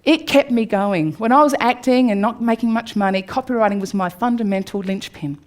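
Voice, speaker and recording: An Australian woman in her forties tells a candid personal story to a live audience. Her telling swings from upbeat to hushed. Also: fairly high pitch, a little fast. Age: 40s. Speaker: speaker. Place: room before a live audience.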